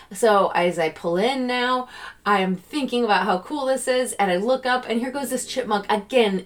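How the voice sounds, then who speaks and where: A woman hosting a podcast on her own, talking casually and animatedly, often slipping into excited quoted gratitude. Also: medium pitch. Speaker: podcast host. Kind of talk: casual solo podcast talk.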